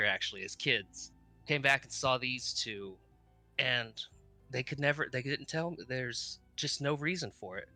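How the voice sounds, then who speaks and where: A man playing a grown mechanic and father, telling his backstory in halting, reflective character speech at a tabletop game. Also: mid-range voice, sharp tone. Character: grizzled adult male mechanic and father.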